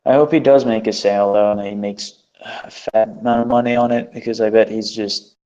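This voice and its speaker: Lower-voiced man telling a profane story. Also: fairly even intonation, fairly quick, warm tone. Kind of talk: casual chat. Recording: dull lo-fi recording.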